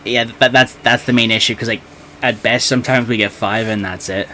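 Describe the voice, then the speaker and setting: A man hosting a live game stream with casual chat, talking in a halting, nervous way with many restarts. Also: mid-range voice, steady tone, background noise.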